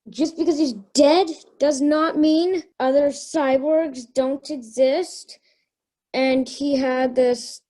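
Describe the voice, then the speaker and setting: A woman's voice: high-pitched, dark tone, poor audio. A young woman improvising a story, hesitant and thinking aloud as she goes. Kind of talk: improvised round-robin storytelling.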